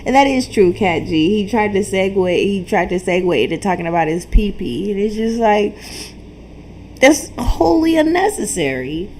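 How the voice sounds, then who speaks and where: A woman's voice: medium pitch, expressive, normal speed, a little mellow, a little hiss or hum. A woman commenting on stream clips, teasing the streamer and laughing at him. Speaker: reaction commentator. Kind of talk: mocking commentary over clips.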